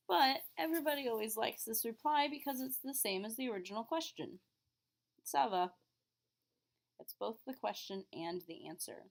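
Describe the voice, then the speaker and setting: Woman, French teacher, patient lesson delivery, middle pitch, models phrases clearly. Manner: clear, patient explaining, exaggerated question intonation in examples. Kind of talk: classroom lesson.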